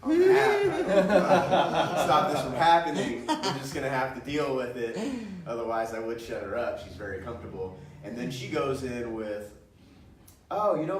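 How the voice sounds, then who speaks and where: A man telling crude stories as a stand-up comic, laughing often as he talks. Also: on the high side. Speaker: stand-up comedian. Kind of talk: stand-up storytelling. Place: comedy show room. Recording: roomy echo, distant mic.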